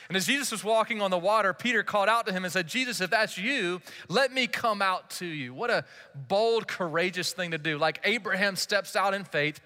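Guy preaching a sermon, high bright voice, lots of echo, keeps asking the crowd questions. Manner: emphatic, conversational preaching with repeated rhetorical questions. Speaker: pastor.

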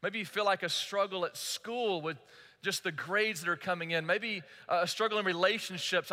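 A male pastor preaching in a church sanctuary, telling a story earnestly and turning often to the congregation. His voice sits high and bright, and a long hall echo follows each phrase. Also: moderate pace. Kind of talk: sermon.

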